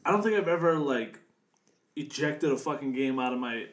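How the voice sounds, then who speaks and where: A man co-hosting a casual gaming podcast, telling animated stories and swearing freely. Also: fairly high pitch, normal speed, roomy sound. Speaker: podcast co-host. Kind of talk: casual chat.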